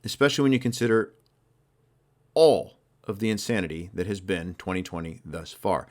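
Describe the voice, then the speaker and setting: A man hosting a motivational sales podcast, talking in an emphatic, energetic, conversational way. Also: sits low, normal speed. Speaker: sales coach and podcast host.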